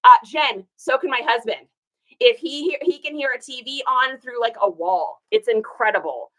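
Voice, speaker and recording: A woman's voice: a little high, moderate pace, fairly bright tone. A woman hosting a casual live stream while shipping orders, chatting folksily, telling stories and reading viewer comments aloud. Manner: folksy, says y'all.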